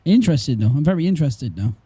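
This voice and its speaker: A streamer giving let's play commentary, reading game text aloud with joking asides. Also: male voice, fairly high pitch, sing-song, quick pace, mellow, breathy edge, no echo. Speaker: gameplay streamer.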